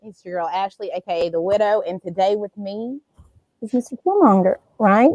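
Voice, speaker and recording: A woman's voice: medium pitch, moderate pace, mellow, no room sound, highs cut off. A woman hosting a casual live stream, rambling chattily and greeting viewers by name.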